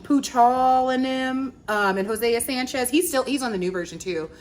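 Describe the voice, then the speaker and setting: Woman in her 30s from virginia chatting on her podcast, lively, slangy, kinda high voice. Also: moderate pace. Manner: animated, chatty storytelling with slang. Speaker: podcast host. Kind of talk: casual chat.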